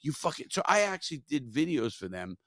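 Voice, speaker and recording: A man hosting a podcast, telling stories in a profane, animated way and quoting others as he goes. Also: fairly high pitch, a little fast, dry recording, studio quality. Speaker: podcast host. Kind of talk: casual storytelling chat.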